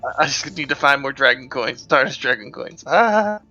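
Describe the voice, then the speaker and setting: A man's voice: mid-range voice, animated, normal speed, bright, forceful tone, muffled recording, soft background music. A man playing in a tabletop game, casual and playful, often laughing. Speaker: player. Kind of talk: tabletop game play on stream.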